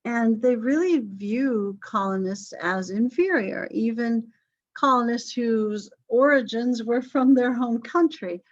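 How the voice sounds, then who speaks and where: A woman's voice: on the high side, slow. Woman history instructor, casual lecture over video call, filler-heavy, slightly dull audio. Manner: conversational, apologetic asides, frequent fillers. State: coughing, yawning. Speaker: history teacher. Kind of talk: online class lecture.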